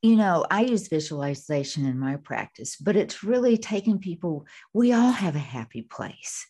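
Low husky woman interviewer. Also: big pitch swings, moderate pace, dark tone. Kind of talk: interview questions.

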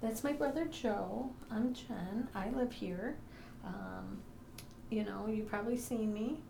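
Creaky-voiced woman coaxing spirits softly. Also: mid-range voice, takes it slowly, reverberant, a little hiss or hum. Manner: gentle, coaxing, sprinkled with ums. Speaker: paranormal investigator. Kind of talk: calling out to spirits in her own house. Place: room inside her own house.

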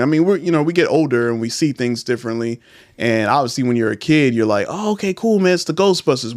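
A man hosts a casual podcast chat in a smooth, clear voice. He is laid-back, drifts through fillers and laughs easily. The sound is dry and close. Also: mid-range voice, dry recording. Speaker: podcast host.

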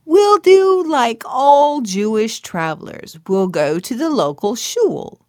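A woman voicing a humble, calm old holy man who speaks gently and matter-of-factly in a told story. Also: a little high, slow pace, no room sound, clean studio sound, voice pushed up. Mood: reassuring.

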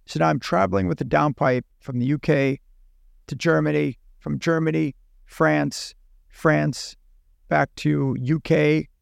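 Man, gravelly voice, slightly high, animated storyteller, dry close sound. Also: measured pace, no echo. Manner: animated, acts out dialogue in his own voice. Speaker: podcast guest. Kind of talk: casual storytelling.

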